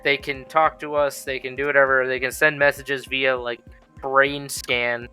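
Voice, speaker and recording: Young male host, clear resonant voice, jokey and profane. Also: medium pitch, level tone, moderate pace, pushed and bright, faint music behind. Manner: joking, loose and profane. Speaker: podcast host. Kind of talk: casual chat.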